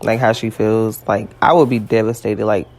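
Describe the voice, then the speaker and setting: A woman co-hosting a casual podcast who speaks haltingly and leans heavily on filler words. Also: rumbling low, fairly even intonation, darkish tone. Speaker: podcast co-host.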